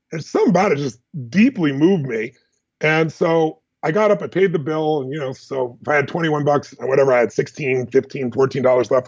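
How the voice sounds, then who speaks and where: A man as a podcast guest, telling personal stories in an animated, emphatic, fast-flowing way. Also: on the high side, dull audio. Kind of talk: energetic personal storytelling.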